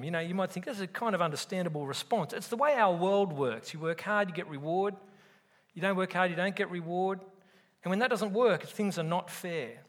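This preacher's voice is high, a bit bright, and fairly quick as he addresses the congregation at a live church service. He presses his points hard and keeps asking the audience questions, his words echoing through the hall.

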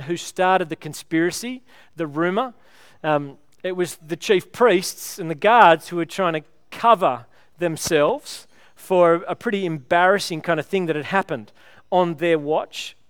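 Man, sermon, conversational storytelling, smooth resonant voice. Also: high voice, measured pace, no echo, clean studio sound. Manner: conversational storytelling with rhetorical questions. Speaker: preacher.

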